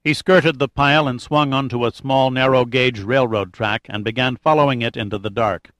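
A man narrating an adventure audiobook in a steady, measured way with light drama. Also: medium pitch, no room sound. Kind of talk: scripted narration.

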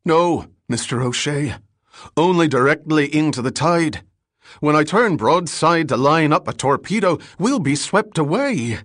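A frightened first mate on a storybook submarine, shouting and pleading in a voice pitched well above normal, as a male narrator puts him on. He sounds loud and strained, close and dry. His panic never quite leaves him. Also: expressive, unhurried, dry recording.

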